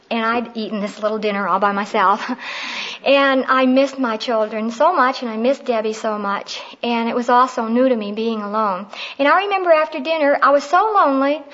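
A woman's voice: on the high side, fairly bright tone. Heartfelt middle-aged woman, lo-fi. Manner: heartfelt, personal storytelling. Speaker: women's prayer teacher. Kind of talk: conversational Christian teaching.

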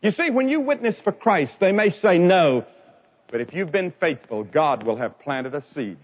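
A man delivers an evangelistic sermon in a fairly high voice that leaps up and down in pitch. He tells his stories dramatically, rising to loud cries and dropping to hushed lines. The old recording sounds dull and lo-fi. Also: big pitch swings, normal speed. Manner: dramatic storytelling with sharp swings in pitch and loudness. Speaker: preacher.

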